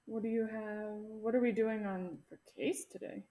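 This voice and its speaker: A woman co-hosting a casual podcast from a small home room. She answers in a relaxed way with short replies and is quick to laugh. Her voice sits at a middling pitch. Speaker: podcast co-host.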